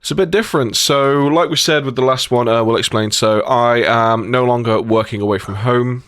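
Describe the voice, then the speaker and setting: A man's voice: mid-range voice, a little fast, fairly bright tone, no echo, clean studio sound. Laid-back British man hosting a podcast. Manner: laughs often, rambling storyteller. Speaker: podcast host. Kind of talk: casual podcast chat.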